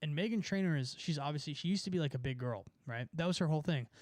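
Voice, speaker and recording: A man's voice: medium pitch, fast talker, hardly any pauses, darkish tone, dry recording. A young man from California in a casual, sarcastic rant, mocking people and laughing at his own points. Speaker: streamer. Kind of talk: casual ranting chat.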